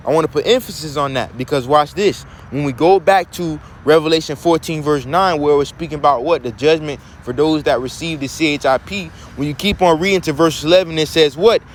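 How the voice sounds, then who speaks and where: A man's voice: fairly high pitch, brisk, hardly any pauses, slight background noise. Man preaching with rhetorical questions. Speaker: teacher. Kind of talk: scripture teaching.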